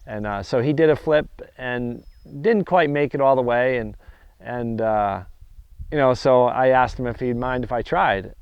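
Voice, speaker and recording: A middle-aged man telling a story in a casual interview, halting, with many restarts and fillers. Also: medium pitch, clear, resonant tone, no room sound, lo-fi sound.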